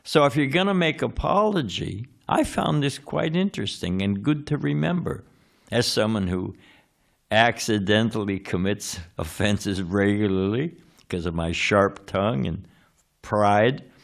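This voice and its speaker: A man's voice: lowish voice, lively intonation, measured pace, creaky. A man giving a scripture class in a temple, talking conversationally, asking his listeners questions and sometimes searching for words. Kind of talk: sermon. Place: temple hall.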